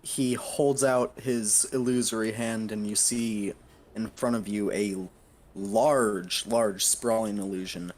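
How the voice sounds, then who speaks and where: A man running a tabletop game describes scenes slowly in a low voice. He halts often with ums and uhs as he goes. His delivery is unhurried and plain. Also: steady tone, darkish tone. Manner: hesitant, full of ums and uhs. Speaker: game master.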